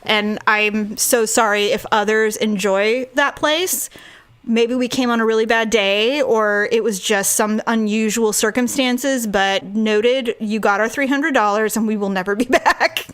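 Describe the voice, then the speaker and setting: A woman's voice: a little high, a little slow, clean tone. A woman co-hosting a podcast, telling a story in casual chat, acting out quotes and laughing often. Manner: animated, acts out quotes with voices, laughs often. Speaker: podcast co-host.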